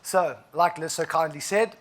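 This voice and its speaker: A man from South Africa speaks with a clear South African accent in a voice that sits a little high for a man. He tells his own story as an inspirational keynote, in an emphatic, storytelling way full of asides. He sounds about forty. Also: normal speed, fairly bright tone.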